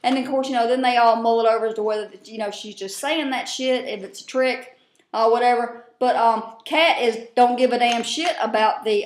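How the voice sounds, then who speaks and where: A woman, recapping a TV show in a casual vlog, blunt and profane with lots of rambling fillers. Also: fairly high pitch. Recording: roomy echo.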